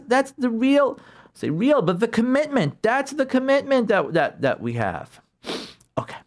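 A rabbi with an extremely high-pitched voice speaks with emphasis on a radio program about Jewish law and marriage. He keeps repeating key terms and dramatizes the pushback from his audience.

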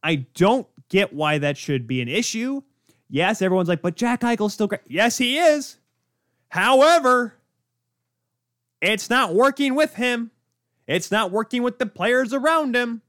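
A man's voice: very high-pitched, animated, measured pace, fairly bright tone, no echo, clean studio sound. Ranting young male podcast host. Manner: ranting, exasperated, rhetorical questions. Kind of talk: solo sports podcast rant.

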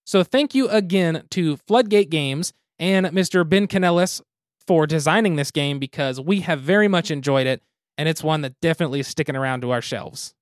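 Podcast host, man, relaxed and methodical, mid pitch, dry close sound. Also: normal speed, dry recording. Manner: easygoing, methodical reviewer. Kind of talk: casual podcast chat, beer and game review.

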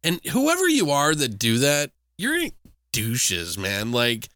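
A man co-hosting a podcast in casual, animated chat, swearing freely as he rants. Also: mid-range voice, slow, dry recording, studio quality. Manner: animated, profane, ranting. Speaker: podcast co-host.

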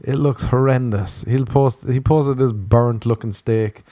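A man's voice: medium pitch, fairly even intonation, measured pace, dark tone, dry recording, studio quality. An Irish man hosting a podcast, rambling through a profane comedic monologue that hops from tangent to tangent. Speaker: podcast host.

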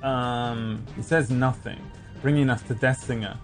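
Relaxed man running a tabletop game. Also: mid-range voice, soft background music. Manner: relaxed, halting narration with many fillers and sound effects. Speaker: game master.

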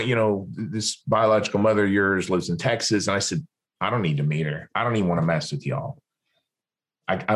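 A podcast guest, a man, tells a long story in an animated way. He acts out other people's lines in different voices and often restarts his sentences. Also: mid-range voice. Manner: rambling, with frequent restarts.

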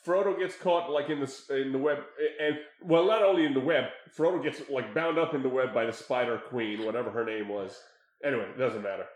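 A man hosting a casual chat, telling stories in an animated way and laughing often. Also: medium pitch, fairly quick. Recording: roomy echo.

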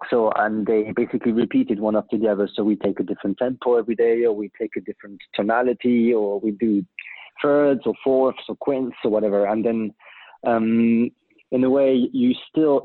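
A man answers interview questions, hesitant and thoughtful, restarting his sentences. His voice is a little husky. It comes through a narrow, phone-like line with no room sound. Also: medium pitch, no room sound. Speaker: guest oboist and teacher. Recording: muffled phone-like line, dry.

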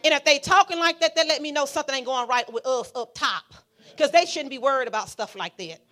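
A woman pastor preaching a sermon, talking to the congregation in a fiery, conversational way that swings from hushed asides to shouting. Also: high voice, fast. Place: church sanctuary.

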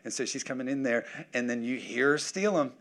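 A man in his thirties preaching a sermon as pastor, energetic and full of joking asides. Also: medium pitch, a little fast.

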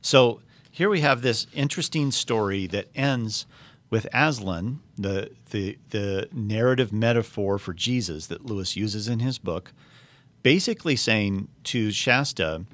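A man retells a story in a conversational talk, pausing often with fillers and restarts. His voice sits on the lower side. He moves between summary and reading aloud. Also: lively intonation, a bit bright. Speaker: speaker retelling a novel.

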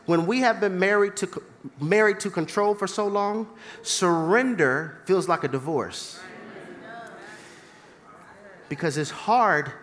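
An animated preacher whose pitch swings widely and whose tone stays bright and forceful. The sermon runs as call-and-response, with humor between the teaching. A long hall reverb trails each phrase in the church.

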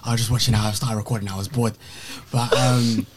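A young man, telling stories as a podcast guest in excitable, slangy casual chat. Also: mid-range voice, fast, slight background noise. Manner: excitable storyteller, slangy, laughs often.

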